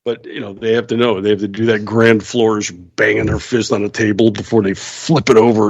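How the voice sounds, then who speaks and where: A man's voice: on the low side, little pitch movement, brisk, vocal fry, few pauses, slightly rough, dry recording. A man hosting a casual radio talk show, sarcastic and laughing often as he mocks other people's voices. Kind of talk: casual chat.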